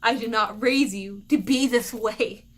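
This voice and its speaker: A woman's voice: medium pitch, steady tone, slow pace, creaky, pushed and bright, full character voice. A woman playing a frugal scolding mother. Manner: indignant, guilt-tripping. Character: frugal strict middle-aged mother, scolding.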